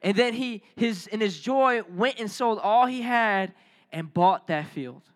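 A man preaching a sermon as a youth pastor, telling lively stories and calling on the crowd to respond. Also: sits high, a little slow.

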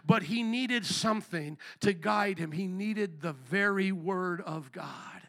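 A male pastor preaching a live sermon in a church, energetic, questioning the congregation and calling for responses. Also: sits high, measured pace, gravelly. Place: church sanctuary.

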